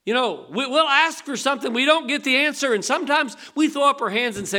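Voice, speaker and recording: A man's voice: extremely high pitch, expressive, fairly quick, sharp tone. An older man preaching a sermon in a folksy, conversational way, asking the congregation rhetorical questions. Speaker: pastor.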